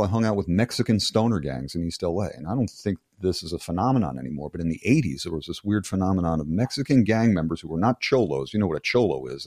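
Low-voiced, blunt, profane older man. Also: darkish tone, slightly rough, no echo, clean studio sound. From United States. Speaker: guest. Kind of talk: casual conversational interview.

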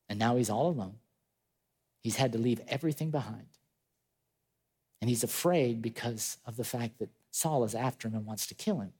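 A male pastor preaching a sermon, retelling a story with lively acted-out voices and chatty asides to his congregation. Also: mid-range voice, husky. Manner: animated storytelling, acting out quoted voices.

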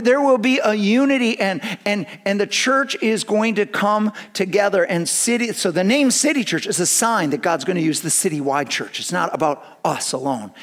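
A pastor preaching a sermon with earnest delivery that swings between hushed, quiet passages and emphatic declarations. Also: male voice, high-pitched.

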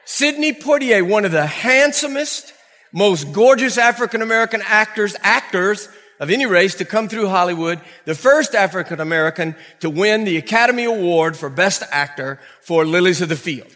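An older man preaching to a congregation in a church, telling a funny story in an animated way and laughing often. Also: high-pitched, moderate pace. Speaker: pastor. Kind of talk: storytelling sermon. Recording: long reverb from a large church hall.

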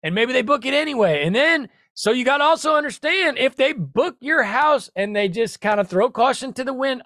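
A man hosting a podcast, talking loud and excitable with a salesy push, laughing and exclaiming as he goes. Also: extremely high pitch, fairly quick, hardly any pauses, dry recording, studio quality. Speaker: podcast host. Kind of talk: animated solo podcast talk.

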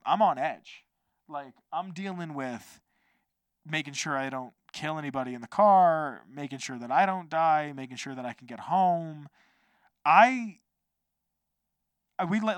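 A man hosting a podcast, telling a rambling, animated story in a casual monologue with some swearing. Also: mid-range voice, no room sound, clean studio sound. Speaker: podcast host.

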